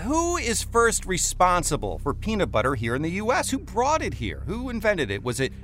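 A man's voice: sits high, wildly swooping pitch, moderate pace, fairly bright tone, a little hiss or hum. A man co-hosting a morning radio show, running a quiz with playful, teasing banter. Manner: teasing, chuckling quiz master.

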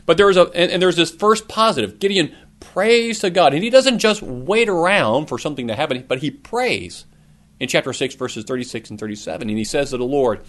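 A man's voice: a little high, animated, fairly quick, a bit bright. A middle-aged man preaching a sermon, earnest, asking his listeners questions, with a cough now and then. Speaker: pastor.

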